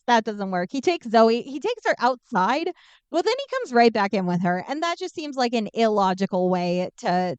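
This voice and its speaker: A woman co-hosting a podcast, giving a casual, irreverent, profane recap of a film and tossing off quick character voices. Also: a little high, clean tone, dry recording. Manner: irreverent, swears freely, acts out characters in quick asides. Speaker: podcast co-host summarizing a film. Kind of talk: casual comedic movie recap.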